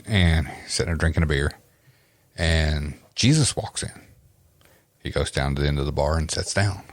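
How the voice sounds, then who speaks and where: A man's voice: a bass voice, normal speed, no room sound. A man with an East Tennessee accent, hosting a casual podcast chat and telling a joke with a drawl and lots of laughter. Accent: Southern US, East Tennessee. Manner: laughs a lot, drawling storyteller. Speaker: podcast host.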